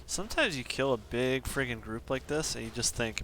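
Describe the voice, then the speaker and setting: A man's voice: mid-range voice, lively intonation, moderate pace, fairly bright tone, slight background noise. A man chatting casually on a live game stream, chuckling often as he reads out viewer requests. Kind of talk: casual live-stream chat while gaming.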